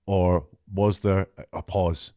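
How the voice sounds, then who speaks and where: Low voiced guy breaking down a call recording, calm and thoughtful, dry close sound. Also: dry recording. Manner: measured, reflective, reads out quoted lines. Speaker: podcast host analyzing an emergency call. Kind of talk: analytical commentary.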